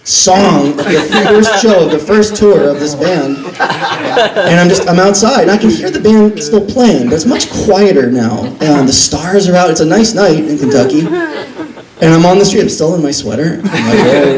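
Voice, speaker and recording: A man with a somewhat high voice tells a self-mocking story at a live reading, animated and swearing freely. The sound is roomy and echoey, picked up from a distance. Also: normal speed, a crowd in the background. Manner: animated, self-deprecating, profane. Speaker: author reading from his book. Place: record store reading event. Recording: roomy echo, distant mic.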